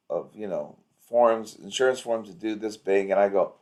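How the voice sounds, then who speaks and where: A man's voice: lowish voice, normal speed, few pauses, warm tone. A man coaching a practice owner over a video call, rambling through anecdotes with an upbeat, encouraging manner. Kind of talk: casual coaching chat.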